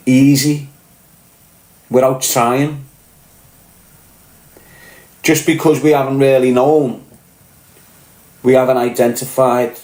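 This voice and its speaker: In a relaxed podcast monologue, a Scouse-accented host talks bluntly and swears a lot, repeatedly asking "do you get what I'm saying." His voice is ordinary in pitch and a little mellow, with noticeable echo in the room.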